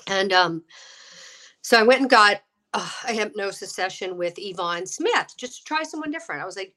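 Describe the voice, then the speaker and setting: Bright-voiced woman telling a lively story. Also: medium pitch, normal speed. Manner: lively, acts out quoted voices, laughs often. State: getting over a cold. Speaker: guest, actress and UFO experiencer. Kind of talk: animated storytelling.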